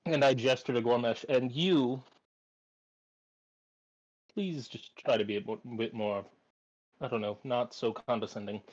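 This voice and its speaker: Halting player on dull lo-fi audio. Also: male voice, mid-range voice, darkish tone. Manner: halting, restarts often. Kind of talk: casual tabletop role-play.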